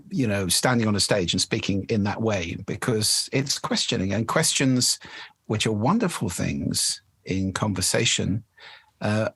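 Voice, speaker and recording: A man's voice: fairly low pitch, creaky, fairly bright tone, slightly rough, dry recording. A man, a voice expert explaining speaking habits in a podcast interview. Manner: articulate, explanatory, demonstrates voice effects.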